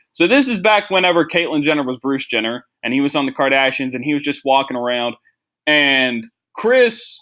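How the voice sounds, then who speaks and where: A man's voice: mid-range voice, bright, forceful tone. Rambling young man hosting a podcast. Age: young adult. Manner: rambling, self-deprecating, heavy use of "like". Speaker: podcast host. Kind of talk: casual comedy podcast monologue.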